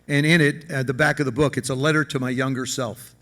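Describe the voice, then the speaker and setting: Folksy, emphatic man on a bright stage mic. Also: medium pitch, steady tone, brisk. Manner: folksy, emphatic, repeats himself. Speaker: guest speaker. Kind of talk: stage interview and charity auction. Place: large banquet hall event.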